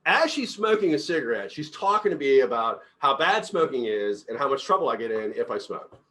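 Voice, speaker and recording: A middle-aged man leading a casual group book discussion as company CEO, telling stories with lots of laughter and loudly acting out quotes. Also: mid-range voice, brisk. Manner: animated storyteller, laughs often, acts out quotes loudly.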